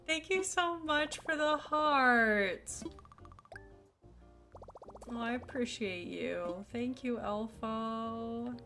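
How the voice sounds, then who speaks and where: A woman's voice: a little high, very slow, pauses often. A young woman chatting casually while live-streaming a game, sleepy and yawning, rambling and giggly as she talks to her chat. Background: faint background music.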